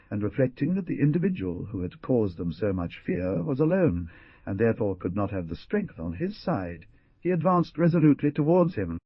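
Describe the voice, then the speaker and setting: A man narrating an audiobook in a dramatic, animated reading. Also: fairly low pitch, breathy edge, no echo. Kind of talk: scripted narration. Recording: dull dry lo-fi recording.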